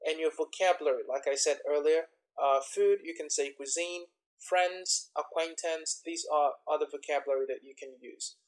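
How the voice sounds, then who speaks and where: A man teaching an English exam lesson, explaining step by step and repeating example words with clear stress. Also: fairly high pitch, normal speed, poor audio. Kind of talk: instructional lesson.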